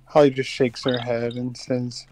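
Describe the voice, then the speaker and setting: A man's voice: medium pitch, level tone, measured pace, darkish tone, slight background noise, rough recording. Man narrating his part in a tabletop game.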